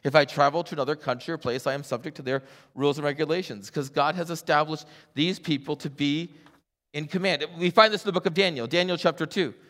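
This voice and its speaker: A middle-aged man preaching a sermon as a pastor, animated and acting out voices in his stories. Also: a little high, fast. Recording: long hall reverb.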